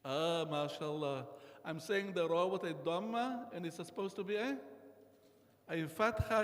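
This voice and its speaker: A man teaching a Quran recitation class in a mosque, patient and explaining slowly, often checking with "okay?". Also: high voice, big-room sound. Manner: patient, repeats okay often, chants Arabic.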